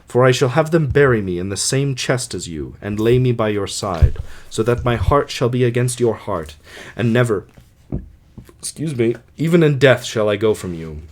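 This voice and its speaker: A man voicing a grieving king in his own middle-pitched voice, reading earnestly for an amateur audiobook. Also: lively intonation, normal speed, lightly acted.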